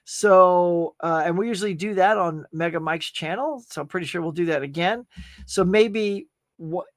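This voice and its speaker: Casting: upbeat male stream host, higher voice, dry close sound, loose rambling chat. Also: moderate pace, no echo. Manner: chatty, upbeat, rambling with fillers. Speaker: livestream host. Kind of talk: casual live chat reading comments.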